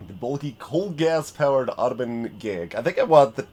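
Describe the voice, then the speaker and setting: A man's voice: medium pitch, animated, moderate pace, darkish tone, husky. A man streaming a story game, reading its narration aloud and chatting in a self-deprecating way.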